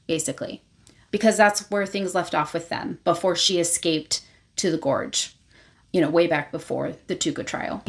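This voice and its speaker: A woman's voice: fairly low pitch, steady tone, normal speed, creaky. Chatty woman recapping a book. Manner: chatty, retells scenes loosely with many fillers. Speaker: book reviewer, channel host. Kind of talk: casual spoken book recap.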